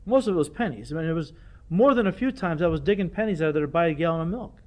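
An older man preaching a sermon, animated and self-deprecating, often repeating himself as he talks. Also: a little high, very fast. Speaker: pastor.

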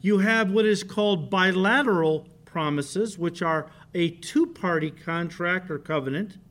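A man preaching a sermon as a pastor, animated, often stopping to say "listen" and "okay". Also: high-pitched, a little slow.

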